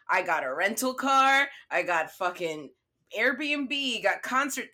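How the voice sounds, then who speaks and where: A young woman telling a story in casual chat, swearing freely and acting out her own lines. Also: mid-range voice. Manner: profane, animated storytelling.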